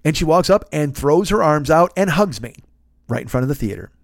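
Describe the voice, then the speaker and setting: A man in his fifties, a podcast host, telling a long story in an animated, profane, self-mocking way. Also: on the high side, a little fast, vocal fry, dry recording, clean studio sound. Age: 50s. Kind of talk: storytelling monologue.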